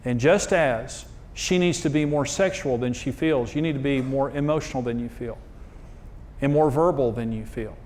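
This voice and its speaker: A middle-aged pastor and marriage teacher preaches a funny sermon on marriage to a live audience, telling folksy stories and acting out the voices he quotes. His voice sits at a medium pitch with a somewhat dark tone, and he speaks at a moderate pace. There's a slight hiss or hum in the recording.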